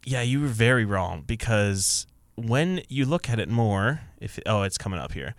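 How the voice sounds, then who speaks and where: A man with a fairly low voice co-hosting a casual podcast, spinning an animated story full of quick restarts. The sound is dry and close, as on a podcast mic. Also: no room sound. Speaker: podcast co-host.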